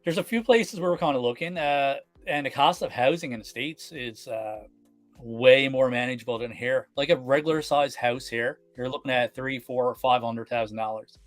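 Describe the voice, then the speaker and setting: A man's voice: medium pitch, normal speed, no echo, soft background music. A man from Newfoundland chatting as a guest on a live stream, easygoing and chuckly, with lots of filler words. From Newfoundland, Canada. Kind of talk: casual live chat.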